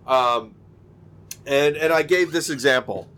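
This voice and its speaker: A man's voice: medium pitch, measured pace, a bit bright. A man co-hosting a podcast in casual chat over a video call, rambling with many fillers and restarts. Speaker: podcast co-host.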